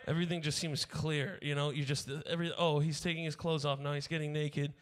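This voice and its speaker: A man's voice: on the high side, flat delivery, brisk. A man hosting a live comedy stream, chatting in a laid-back, rambling way. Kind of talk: casual chat.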